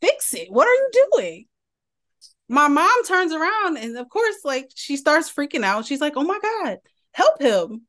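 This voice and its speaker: Her voice sits high and her pace is measured as she, a podcast co-host, recounts a family tale in casual chat. Laughter breaks into her sentences, and she tells the story with lively energy.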